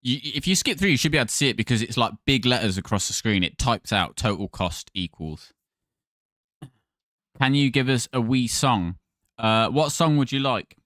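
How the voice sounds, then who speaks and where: A man's voice: mid-range voice, animated, normal speed, a bit bright, no room sound, studio quality. A man hosting a gaming livestream, chatting casually and thanking viewers by name.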